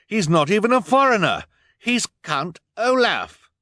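A man's voice: high-pitched, big pitch swings, measured pace, sharp tone, no room sound, voice pushed up, full character voice. Male reader as stammering scold of a banker, fussy, dry. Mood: alarmed.

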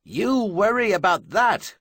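A man voicing a frantic man who shouts urgent orders in the middle of a battle, in an audiobook. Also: sits high, expressive, unhurried, no echo, studio quality, pitched above the performer's own voice, heavily acted.

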